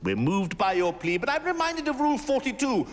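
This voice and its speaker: A man's voice: very high-pitched, huge pitch swings, fairly quick, big-room sound, heavily acted. An actor playing a flustered, pompous king presiding over a trial, muttering to himself. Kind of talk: film acting.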